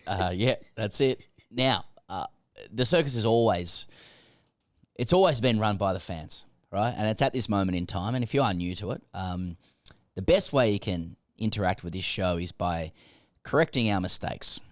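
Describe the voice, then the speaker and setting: Deep, halting man. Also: lively intonation, no room sound, clean studio sound. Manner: halting, filler-heavy, mock-grandiose. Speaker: co-host. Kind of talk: casual podcast chat.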